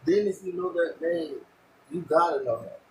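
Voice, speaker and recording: A man's voice: fairly high pitch, normal speed. A man hosting a casual radio show, cautioning and lecturing his guest. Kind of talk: casual chat. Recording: echoey room with faint noise.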